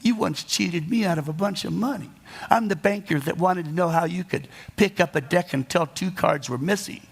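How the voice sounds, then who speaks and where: A man doing an eager, gravelly male banker. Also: high-pitched, moderate pace, voice pushed up, full character voice. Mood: gushing. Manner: eager, effusive praise. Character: gushing middle-aged male banker.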